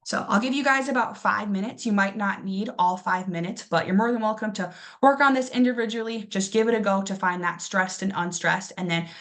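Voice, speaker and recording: A woman's voice: medium pitch, a bit bright. Young woman teaching English pronunciation. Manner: slow, drawn-out model pronunciations of words; filler-heavy, encouraging teacher talk. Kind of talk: classroom lesson explaining pronunciation.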